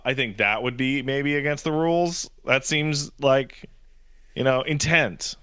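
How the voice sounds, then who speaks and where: Bright, animated podcast co-host man. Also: a little high, moderate pace, smooth, no echo, clean studio sound. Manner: animated storytelling, jokey insults. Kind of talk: casual chat.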